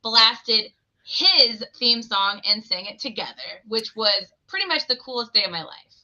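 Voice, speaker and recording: Woman guest and former radio host. Rambling, bubbly storyteller, very bright tone, dull audio. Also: on the high side, expressive, a little slow. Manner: bubbly, rambling storyteller who laughs often. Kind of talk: casual interview chat. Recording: muffled lo-fi audio.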